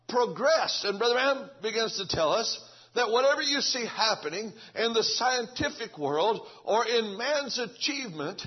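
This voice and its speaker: Man, preacher, very high husky voice, muffled lo-fi recording. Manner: folksy, repetitive restarts, calls of amen. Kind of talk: sermon.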